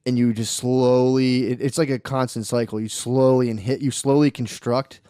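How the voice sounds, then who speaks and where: Man, mid pitch, rambling profane comedy riffs, podcast host, dry studio sound. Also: level tone, moderate pace, mellow, smooth, no echo. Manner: rambling, profane, acts out quotes. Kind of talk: casual comedy chat.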